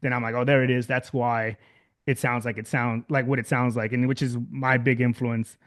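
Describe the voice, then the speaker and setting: Flat in delivery, with a medium pitch and normal pace, this thirty-something musician from Southern California rambles casually through an interview. Fillers and false starts pile up, and he frequently laughs.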